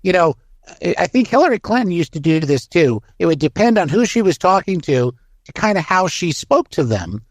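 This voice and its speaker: A man hosting a casual political talk show, agreeable and quick to chime in with assent. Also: sits high, big pitch swings, dry recording, clean studio sound. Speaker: show host.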